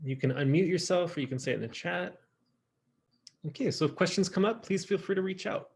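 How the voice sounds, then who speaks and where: A man teaching a French class online, modeling pronunciation in an exaggerated, lively way over a video call. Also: high-pitched, fairly quick, gravelly, husky. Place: home, virtual class. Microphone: computer mic on a video call.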